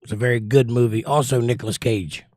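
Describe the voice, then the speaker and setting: A man's voice: mid-range voice, steady tone, fast, a little mellow, no echo. Chatty Southern American man, dry sound. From Southern United States. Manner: opinionated, chatty, recommends movies with strong takes. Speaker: livestream host. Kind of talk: casual chat reading out viewer comments.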